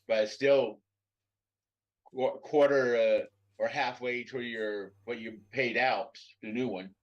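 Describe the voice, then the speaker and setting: A man giving practical advice in casual live stream chat, speaking plainly with some halting restarts. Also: mid-range voice, fairly even intonation, muffled recording.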